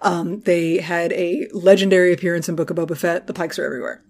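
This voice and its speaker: A woman co-hosting a podcast, recapping a show in casual, animated chat with sarcasm and swearing. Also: on the low side, fast talker. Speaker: podcast co-host.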